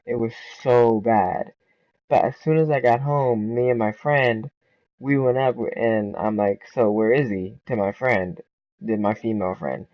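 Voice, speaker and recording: Lo-fi sound with no room sound carries a young man's medium-pitched voice. Hosting his gaming channel, he tells a casual storytime quickly and informally, with lots of swearing. "Right?" and "like" come up constantly in his loose delivery.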